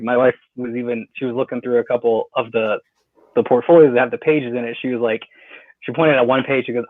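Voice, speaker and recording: A man who draws comics, answering interview questions in a relaxed, halting way with many fillers. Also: mid-range voice, dry recording. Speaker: comic book artist. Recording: dry tinny phone line.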